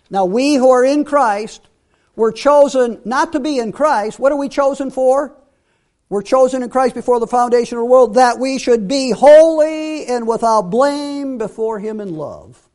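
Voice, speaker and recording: A man giving a Bible teaching sermon, emphatic, repeating key phrases and dropping to quiet asides. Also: high voice.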